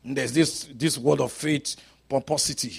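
A male preacher delivering a sermon in a church service, swinging from loud, rising exclamations down to hushed, whispered lines. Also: mid-range voice, fairly even intonation, moderate pace, gravelly, slightly rough. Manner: dramatic swings from shouting to quiet whispers.

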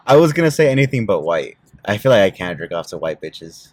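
A man's voice: sits low, big pitch swings, a little fast, no echo. A young man co-hosting a casual podcast, talking in a blunt, crude, joking way. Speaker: podcast co-host.

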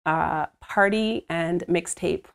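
A woman voice-over artist, recording from home, chats animatedly about her work in a casual interview, laughing often and using plenty of fillers. Her voice is on the low side, slow and smooth, with vocal fry.

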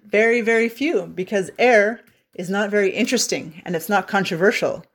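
A woman's voice: medium pitch, moderate pace. Playful Canadian woman English teacher. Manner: playful, jokey, bursts into singing. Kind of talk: humorous language lesson on radio.

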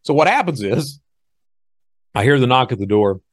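Lively, animated male storyteller. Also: mid-range voice, normal speed, no echo, clean studio sound. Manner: animated, acts out other people's lines. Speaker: podcast host. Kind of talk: casual storytelling.

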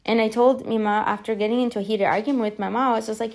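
Woman, 40s, podcast host, gravelly edge, frank storytelling with swearing. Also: fairly high pitch, racing, few pauses. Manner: candid, animated, swears freely. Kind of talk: personal storytelling monologue.

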